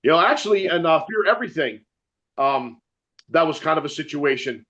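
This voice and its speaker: A man's voice: on the high side, animated, fairly quick, a bit bright, highs cut off. A man with a New Jersey accent, a metal musician chatting as an interview guest, rambling, swearing freely and laughing often. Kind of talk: casual chat.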